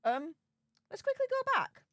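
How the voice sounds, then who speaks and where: A woman's voice: very high voice, very animated, a little slow, a bit bright, no echo, studio quality. A woman hosting a casual commentary vlog, talking in a sarcastic, mocking way and exclaiming often. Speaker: commentary channel host.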